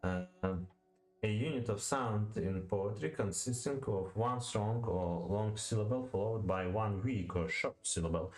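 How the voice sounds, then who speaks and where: Slow, deep-voiced man reading study notes. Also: roomy sound, soft background music. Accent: Russian. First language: Russian. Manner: halting, many fillers, repeats words to practice pronunciation. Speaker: language learner studying poetry. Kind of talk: reading aloud and thinking aloud while studying.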